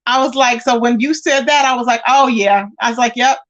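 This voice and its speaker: High-voiced woman gossiping on a livestream. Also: quick pace, highs cut off. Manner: animated, dramatic, acts out quotes. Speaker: livestream host reading chat. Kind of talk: casual gossip livestream chat.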